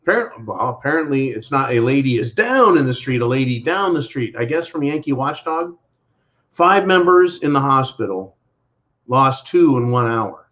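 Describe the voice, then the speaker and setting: A man's voice: fairly high pitch, animated, moderate pace, fairly bright tone, highs cut off. An American man hosting his own channel, giving sarcastic political commentary and addressing his listeners as folks. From United States. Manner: mocking, repeating sarcastic catchphrases, calls listeners folks. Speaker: channel host.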